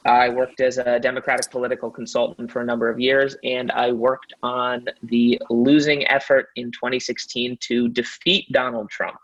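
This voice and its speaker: A man's voice: mid-range voice, fairly bright tone. Earnest male podcast host, dull audio. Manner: earnest, measured and articulate. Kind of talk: podcast interview.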